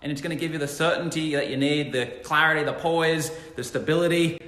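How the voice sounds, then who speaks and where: A man's voice: a little high, fairly even intonation, brisk, a bit bright, big-room sound. A man giving a casual mini money lesson for his social media stories, blunt and emphatic, swearing freely. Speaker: entrepreneur teaching money lessons.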